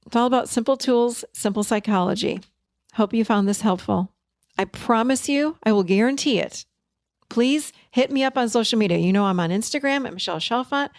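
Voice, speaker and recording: A woman's voice: fairly high pitch, brisk, no room sound, clean studio sound. A middle-aged woman hosting a self-help talk, encouraging listeners in an emphatic way and repeating key words for stress. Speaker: podcast host and therapist.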